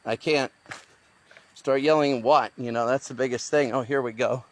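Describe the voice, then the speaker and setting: A man's voice: mid-range voice, fairly even intonation, normal speed. A man vlogging as he hikes through the jungle outdoors, thinking aloud as he goes. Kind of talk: talking to camera while hiking. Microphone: handheld phone.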